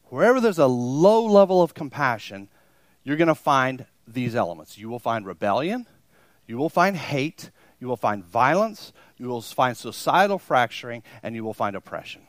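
A man with a mid-range voice and big pitch swings delivers a sermon at a moderate pace, recorded with no room sound. Preaching to his congregation at a church service, this pastor is emphatic, repeats phrases for stress, and often acts out imagined listener reactions.

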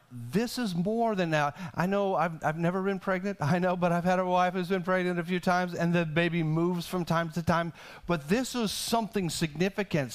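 A middle-aged man preaching a sermon, animated and talking with many restarts and asides. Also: fairly high pitch. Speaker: pastor.

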